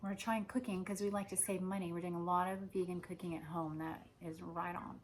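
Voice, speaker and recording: Woman, lowish voice, rambling spiritual speaker, repetitive and meandering, with slow emphatic stretches. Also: level tone, slight background noise, rough recording.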